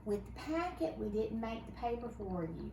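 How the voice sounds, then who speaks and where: A woman's voice: a little high, very animated, moderate pace, vocal fry. A woman teaching a first grade phonics lesson, patiently encouraging her pupils to read each word aloud, recorded at home. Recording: roomy, distant, noisy home recording.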